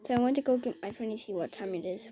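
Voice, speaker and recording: A woman's voice: fairly high pitch, rapid-fire, mellow, breathy edge, lo-fi sound. A woman telling an improvised scary story in a rambling way, quoting everyone with "I was like".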